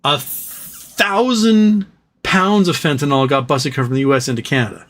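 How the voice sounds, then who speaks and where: A man's voice: fairly high pitch, normal speed, fairly bright tone. A man hosting a live stream, chatting casually and reading viewer comments, with a sarcastic, ranting, profane manner. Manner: ranting, sarcastic, profane, reads chat messages aloud. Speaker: livestream host.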